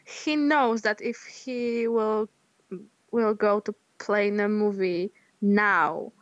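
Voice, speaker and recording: A woman's voice: mid-range voice, steady tone, slow pace, dry recording, dull audio. A woman co-hosting a podcast in casual chat, hesitant, often restarting and searching for words. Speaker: podcast co-host.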